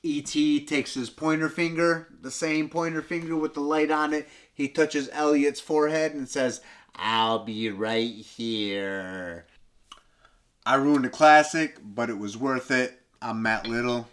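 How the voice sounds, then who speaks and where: A man comedian casually retelling a film, loose and profane, breaking into high squealing impressions and sound effects. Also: steady tone, normal speed, few pauses, a bit bright.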